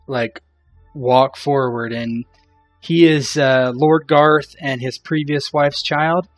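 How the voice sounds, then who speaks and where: A man narrating as game master in a casual tabletop game, loose and rambling, laughing often. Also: medium pitch.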